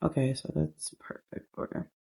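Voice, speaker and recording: A woman's voice: normal speed, warm tone. A woman giving chatty, rambling commentary as she plays a life-sim game and narrates its characters. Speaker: game streamer.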